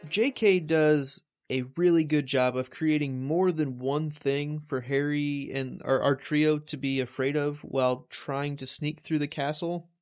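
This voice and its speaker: A man's voice: a little high, fairly even intonation, smooth. A man co-hosting a casual book reread podcast, talking in a wry, joking way with frequent restarts. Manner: wry, jokey, halting restarts. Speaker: podcast co-host.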